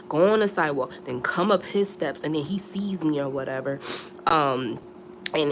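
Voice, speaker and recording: A young woman spinning a storytime at home, chatty and slangy, with her voice jumping up and down as she talks. There is a gravelly rasp in her tone and a faint hiss of background noise. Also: lowish voice. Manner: slangy, chatty, animated with many asides. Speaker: storytime vlogger. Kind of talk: casual storytelling on a live stream.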